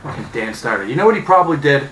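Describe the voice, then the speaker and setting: Bright-voiced furious man ranting. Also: medium pitch, very animated, rapid-fire, echoey room, slight background noise, low-quality recording. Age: 30s. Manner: furious, profane, sarcastic, with loud outbursts. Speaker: vlogger. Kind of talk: angry sports fan rant.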